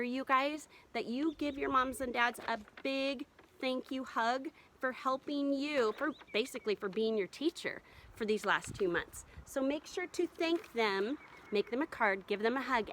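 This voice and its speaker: A woman's voice: a little high, measured pace, a bit bright, slight background noise. A woman teaching a remote reading lesson to first graders, patient and encouraging as she sounds out words.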